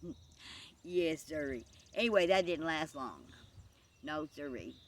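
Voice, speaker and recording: A woman telling a folksy joke story with drawn-out asides. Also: deep voice, expressive.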